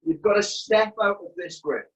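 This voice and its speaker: A man's voice: sits high, moderate pace. A man coaching jiu-jitsu over a video call, explaining a technique while he demonstrates it. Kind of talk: casual chat then technique instruction. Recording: dull lo-fi video call audio.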